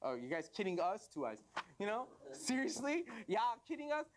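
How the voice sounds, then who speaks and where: A man's voice: sits high, wildly swooping pitch, moderate pace, noisy background. A man voicing a pair of eyes mocking the other body parts. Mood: incredulous. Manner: incredulous, mocking. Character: incredulous pair of eyes, male.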